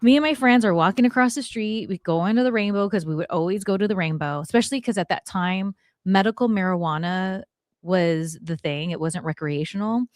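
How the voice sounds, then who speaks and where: A woman in her forties hosting a talk show, telling a story in a lively way and acting out what people said. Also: mid-range voice, brisk, no echo. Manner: animated, acts out quotes, swears it is true. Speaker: podcast host. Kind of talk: storytelling chat.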